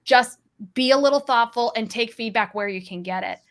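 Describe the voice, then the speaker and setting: A woman with a fairly high voice speaks on a panel about hiring practices. She comes across as direct and practical. She lays out advice as short, brisk instructions. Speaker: sales coach and panelist. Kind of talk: panel discussion.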